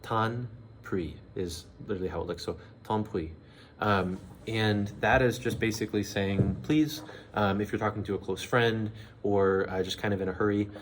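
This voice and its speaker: Man, casual lesson, low-pitched, lots of ums, repeats words slowly. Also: slight background noise. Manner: relaxed, repeats phrases slowly with fillers. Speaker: language teacher.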